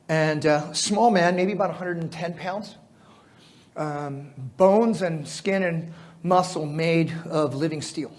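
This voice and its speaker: A middle-aged man from the United States telling lively stories to an audience at a fitness symposium, with fillers, restarts and laughter. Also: high-pitched. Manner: animated, laughing storyteller with filler words and restarts. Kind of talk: storytelling talk to a live audience.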